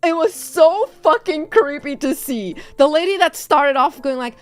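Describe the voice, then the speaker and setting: A woman streamer retelling a story in casual chat, animated, swearing freely and laughing often. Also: high voice, moderate pace, hardly any pauses. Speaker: VTuber streamer.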